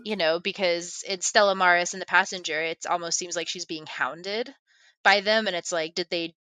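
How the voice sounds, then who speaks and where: Bright, low-pitched woman, podcast guest. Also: steady tone, moderate pace, dry recording. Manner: thoughtful, questioning, filler-heavy. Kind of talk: casual podcast conversation.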